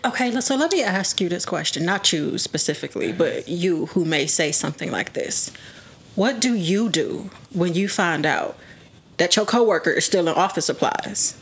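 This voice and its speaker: A woman's voice: fairly low pitch, lively intonation, moderate pace, slight background noise. A woman co-hosting a casual podcast chat, blunt and opinionated. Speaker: podcast co-host.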